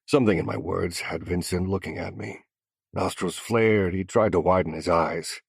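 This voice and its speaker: A man's voice: low voice, fairly even intonation, moderate pace, creaky, breathy edge, no room sound, clean studio sound. A man narrating a first-person crime story in scripted audiobook style, with a menacing, growling delivery.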